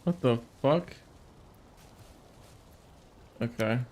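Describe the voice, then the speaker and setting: Man, gameplay commentary, exasperated, swearing, slow, medium pitch. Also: a little mellow. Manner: exasperated, swearing, talking to himself. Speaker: gamer streamer.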